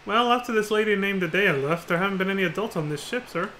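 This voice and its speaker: A man's voice: high voice, quick pace, sharp tone, a little hiss or hum. A man voicing a polite, eager young male sidekick from a video game who keeps calling others sir. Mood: helpful. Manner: earnest, tags sentences with "sir".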